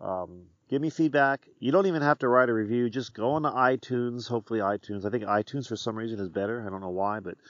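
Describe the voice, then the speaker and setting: A man's voice: on the low side, dull audio. A middle-aged man, a former teacher, hosting his podcast in a candid, rambling, jokey monologue outdoors on a hillside.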